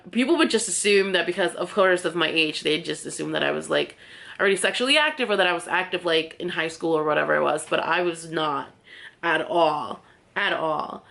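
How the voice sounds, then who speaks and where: A young woman with a slightly low voice talks casually through a get-ready-with-me story time. She is candid and chatty and leans on "like" as she goes. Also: gravelly, a bit bright. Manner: chatty and candid, heavy use of "like" fillers. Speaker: beauty vlogger and podcast host.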